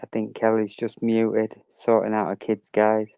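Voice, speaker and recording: Guy hosting a live stream, chatty, calls out viewers by name, pretty monotone, dull lo-fi sound. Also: fairly low pitch, measured pace, creaky, clear, resonant tone, no echo. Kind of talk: casual live-stream chat.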